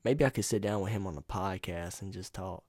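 A man from North Carolina hosting his own podcast, talking in a loose, rambling way and cursing freely. His voice sits low, and the USB mic at home gives it a close, dry sound with no room echo. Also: a little fast, a little mellow. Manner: rambling, profane, laid-back. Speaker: podcast host. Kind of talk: casual solo podcast monologue. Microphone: USB microphone.

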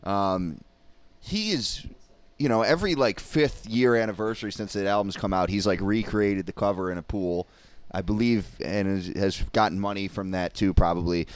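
A man co-hosts a casual podcast in a dry, matter-of-fact way. His voice is low and smooth. It is recorded close and dry. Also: normal speed, dry recording. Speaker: podcast co-host.

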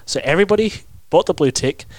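A man's voice: on the high side, lively intonation, fast, dry recording. A young Australian man co-hosting a podcast, joking and rambling in casual chat. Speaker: podcast co-host.

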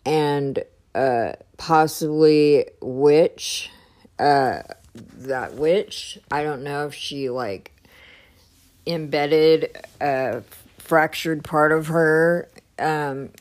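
A woman telling a personal story in a casual way, often pausing and hunting for the right words. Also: deep voice, a little mellow. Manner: hesitant, searching for words.

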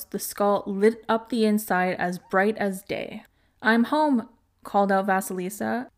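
A woman podcast host calmly narrating a folk tale in a measured storytelling voice. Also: mid-range voice.

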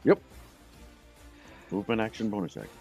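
A man playing a tabletop game, declaring his character's moves with hesitant pauses and fillers. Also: fairly low pitch, animated, creaky, darkish tone, husky, faint music behind. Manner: hesitant, many fillers while deciding moves. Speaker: player.

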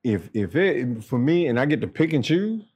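A middle-aged man, a military veteran and podcast guest, telling stories in casual talk. He swears constantly, talks bluntly, and acts out the people he quotes by jumping up in pitch. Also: very animated, moderate pace, darkish tone, slightly rough. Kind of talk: casual storytelling chat.

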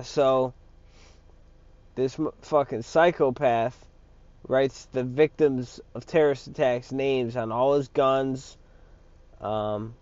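Slow-talking man ranting crudely. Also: medium pitch, a little mellow. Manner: crude, profane, rambling with many fillers. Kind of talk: casual rant. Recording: dull lo-fi recording.

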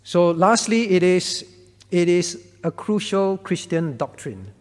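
A man's voice: high voice, animated, takes it slowly. A male pastor teaching through Bible questions, repeating key phrases and checking in with listeners. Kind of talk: teaching Q&A talk. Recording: long reverb hall.

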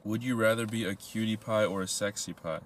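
A man's voice: on the low side, steady tone, fairly quick, a little hiss or hum. A young man co-hosting a casual podcast chat, rambling through his answers with frequent laughs and casual swearing. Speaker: podcast co-host.

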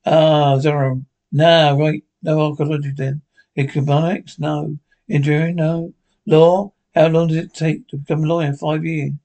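Men with Scottish accents acting as bickering old male pensioners in a sitcom, trading quick, sweary, deadpan banter. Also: on the high side, lightly acted. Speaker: sitcom characters. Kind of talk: scripted sitcom dialogue.

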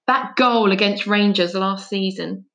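A woman's voice: mid-range voice, steady tone, a little slow, pushed and bright. A woman voicing a football-loving boy in a storybook reading, blustering and defensive. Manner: blustering, raised voice.

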